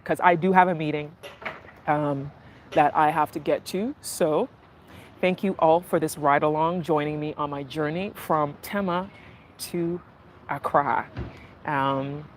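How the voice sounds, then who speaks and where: A woman's voice: deep voice, slight background noise. Woman chatting on a car ride. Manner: animated storytelling, acting out market sellers and her mother. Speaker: vlogger. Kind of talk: casual chat while riding in a car. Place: inside a moving car.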